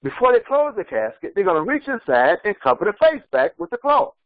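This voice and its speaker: A man's voice: high voice, huge pitch swings, brisk, no echo, phone-quality sound. A man preaching as an imam, emphatic and repetitive, often restarting his words mid-sentence. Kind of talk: sermon.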